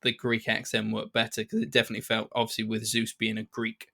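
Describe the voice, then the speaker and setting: Here a podcast co-host talks loosely about a movie, stumbling through fillers and frequently starting his sentences over. He speaks fast and in a monotone, his lowish voice pushed and bright with vocal fry.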